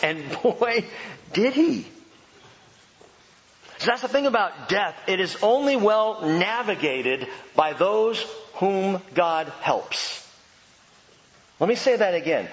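A man preaching a sermon as pastor, animated and emphatic, with joking asides. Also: high-pitched, moderate pace. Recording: echoey hall, dull lo-fi sound.

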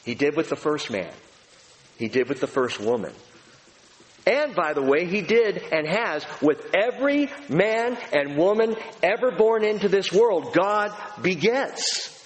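A male pastor delivers a sermon with a very lively, swooping pitch, leaning on slow, stressed phrases as he builds. His voice sits a touch higher than most men's. The sound carries a long reverb from a large hall. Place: large auditorium.

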